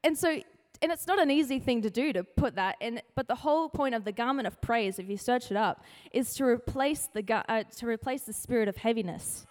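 A woman's voice: a little high, a little fast, darkish tone. A woman giving a casual, playful youth sermon, chatty and acting out quotes in comic little voices. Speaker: youth speaker sharing a devotion. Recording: hall with long reverb.

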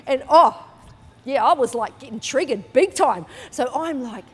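Lively New woman preaching in a hall. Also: high-pitched, moderate pace, slightly rough. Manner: lively storytelling, acts out quotes, laughs often. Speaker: church speaker. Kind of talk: sermon with personal story.

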